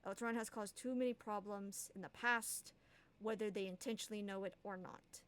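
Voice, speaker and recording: A woman voicing a blunt male half-orc envoy with a deep, gravelly voice. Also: steady tone, brisk, natural voice. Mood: hostile. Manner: blunt, refusing.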